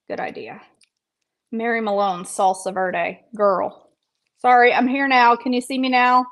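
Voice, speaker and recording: A woman's voice: on the high side, steady tone, measured pace, a bit bright, low-quality recording. Chatty, playful woman vlogger. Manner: chatty, playful, self-deprecating humor. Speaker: health coach and vlog host. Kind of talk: casual livestream chat while eating.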